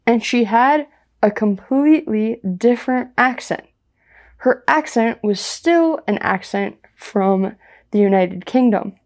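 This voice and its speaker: A young American woman telling a story slowly and clearly for English learners, repeating ideas in simple words. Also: medium pitch, a little mellow. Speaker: English teacher.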